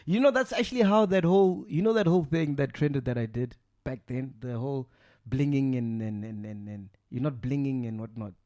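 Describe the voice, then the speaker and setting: A man hosting a podcast, telling stories in a loose, swearing, animated way. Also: mid-range voice, fairly quick, no echo, clean studio sound. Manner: animated, swears freely, acts out voices. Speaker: podcast host. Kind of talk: casual storytelling chat.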